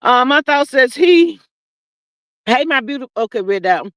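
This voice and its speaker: A woman's voice: sits high, expressive, normal speed, fairly bright tone, no echo. A woman in her fifties hosting a casual live-stream talk show, chatting and reading viewer comments aloud.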